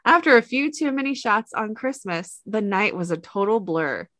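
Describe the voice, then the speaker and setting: Young woman co-hosting a podcast in a relaxed, chatty way, with a mid-pitched voice. The sound is dry and close, without any room echo. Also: moderate pace. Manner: relaxed and chatty, laughs easily. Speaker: podcast co-host. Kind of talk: casual podcast chat.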